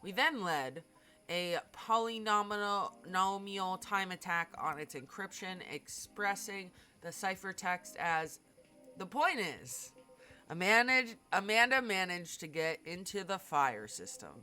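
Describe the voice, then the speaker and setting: A woman's voice: medium pitch, animated, slow, bright, forceful tone, soft background music. A woman reading a game aloud, voicing a formal alien being who speaks as a collective "we", in a stiff, precise manner.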